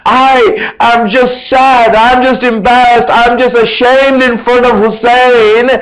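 A man preaching in the voice of a grieving male martyr who sobs with shame, in an impassioned, high-pitched way. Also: little pitch movement, slow pace, fairly bright tone, heavily acted, low-quality recording. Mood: anguished.

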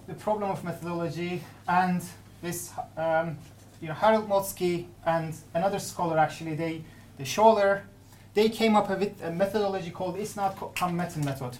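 Woman presenter, lowish voice, halting delivery with frequent restarts, faint background hiss. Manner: halting, many restarts and fillers. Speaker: academic presenter. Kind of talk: conference paper presentation.

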